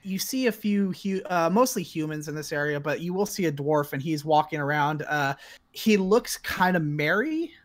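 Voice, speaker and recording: A man's voice: a little high, lively intonation, moderate pace. A man narrating as dungeon master in a tabletop game, hesitant and full of filler sounds.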